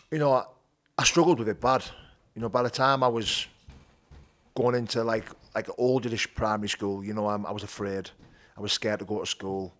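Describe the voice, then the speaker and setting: A man with a Teesside accent telling his rough childhood story as an interview guest, blunt and animated, swearing freely. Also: on the low side. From North East England. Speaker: guest, bare knuckle fighter. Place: gym.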